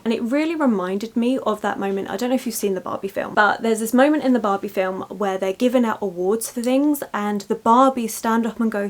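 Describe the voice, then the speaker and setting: A woman's voice: on the high side, brisk, few pauses, darkish tone. A woman chatting casually in a reading vlog, enthusiastic and prone to tangents. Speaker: book vlogger.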